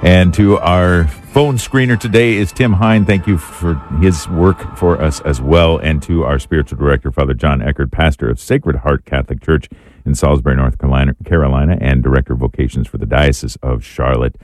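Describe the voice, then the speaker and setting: A man hosting a radio call-in show, his voice sitting extremely low and deep. He thanks his crew and brings on callers in an easy, unhurried manner, with faint music playing underneath. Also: darkish tone.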